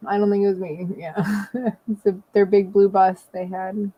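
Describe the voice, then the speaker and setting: A woman chatting as a podcast co-host, giggly and rambling. Her voice sits in a middle pitch, and her talk is casual and loose. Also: flat delivery, moderate pace, slightly rough, dry recording, lo-fi sound. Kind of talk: casual chat.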